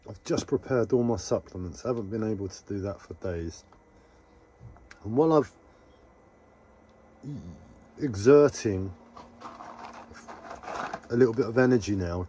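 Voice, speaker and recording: A man live streaming a rambling, casual monologue to his viewers, halting often and talking to himself. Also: fairly low pitch, warm tone, slight background noise. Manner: meandering, halting, talks to himself.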